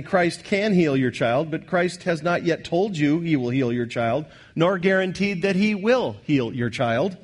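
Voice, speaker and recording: Male pastor, slightly high voice, earnest sermon delivery with repeated points and shifting volume. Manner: earnest preaching, repeats key lines, swings from loud to soft.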